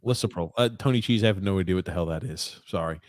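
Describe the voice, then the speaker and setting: A man's voice: deep voice, fast talker, no room sound. A man co-hosting a casual sports podcast, reading viewer comments aloud with laid-back, dry asides.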